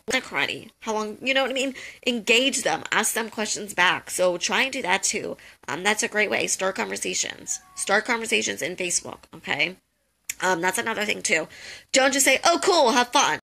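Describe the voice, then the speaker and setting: Speaking at a normal speed, this young woman is the host of a live social media tips call, dishing out casual advice full of jokes, chatter, "um" and "like." She has a medium pitch, a creaky, expressive delivery, and a sharp tone.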